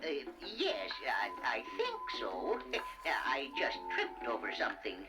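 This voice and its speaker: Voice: mid-range voice, huge pitch swings, takes it slowly, rough recording. A performer voicing a fussy, kindly older male inventor who stammers and giggles, speaking formally in a storybook cassette. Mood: explaining. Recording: loud music bed.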